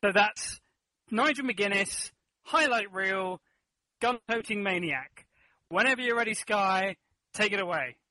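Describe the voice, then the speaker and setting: A man's voice: high voice, lively intonation, measured pace, sharp tone, no echo, poor audio. A man hosting an improv comedy game, upbeat and giving prompts game-show style. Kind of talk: casual comedy podcast chat.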